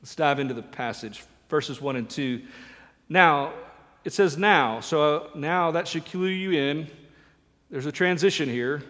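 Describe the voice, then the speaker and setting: A man's voice: a little high, measured pace, fairly bright tone. A man preaching a sermon as pastor, earnest and building to fervent emphasis, recorded in a reverberant church. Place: church sanctuary.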